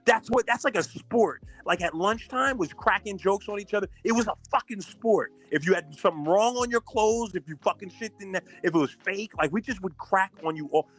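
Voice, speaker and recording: A male podcast host telling animated, profane stories with a lot of laughter, with faint music behind. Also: sits high, fairly quick, few pauses. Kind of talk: casual storytelling chat.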